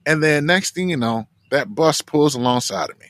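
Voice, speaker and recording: A man telling a story as an interview guest, animated and full of "like" fillers. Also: fairly high pitch, normal speed, no room sound. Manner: animated, filler-heavy with frequent "like". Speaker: guest, marathon runner and coach.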